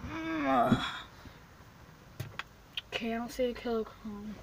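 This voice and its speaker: Jumpy, slow-talking woman vlogger. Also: a little high, creaky. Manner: jumpy, swings between whispers and exclamations. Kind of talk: playful make-believe vlog. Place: in and around a car. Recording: noisy handheld recording.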